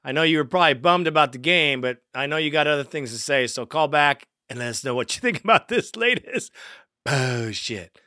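A man's voice: a little high, lively intonation, fairly quick, pushed and bright, no echo, clean studio sound. A man hosting a fan call-in sports show, hyped and profane, calling callers partner. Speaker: podcast host.

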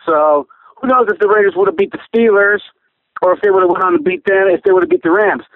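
Man ranting on a tinny phone line, high voice, furious, swearing nonstop. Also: quick pace, no echo. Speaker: caller. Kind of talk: angry call-in rant.

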